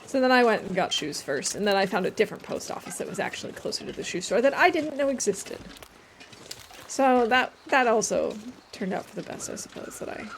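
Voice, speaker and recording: A woman's voice: medium pitch, animated, fairly quick, gravelly, slight background noise. A woman streamer giving casual let's-play commentary while she plays, chatty and rambling with a self-amused tone.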